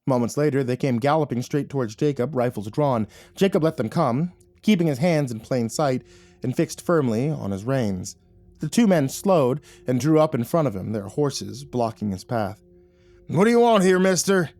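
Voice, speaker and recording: A man narrating a scripted horror story in a measured storytelling manner. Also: mid-range voice, animated, warm tone, soft background music.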